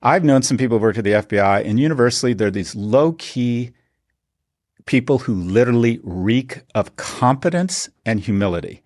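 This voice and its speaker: A man's voice: mid-range voice, animated, normal speed, a little mellow, no room sound, clean studio sound. A middle-aged man co-hosting a podcast, telling stories sardonically and building to indignant emphasis. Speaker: podcast co-host. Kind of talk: casual opinionated chat.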